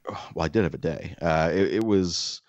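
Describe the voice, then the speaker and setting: A man with a low voice tells a long story in casual chat. He rambles with lots of fillers and restarts and swears freely. The audio is dull and lo-fi, with no room sound. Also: moderate pace, a little mellow, dry recording. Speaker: podcast co-host. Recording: dull lo-fi, dry.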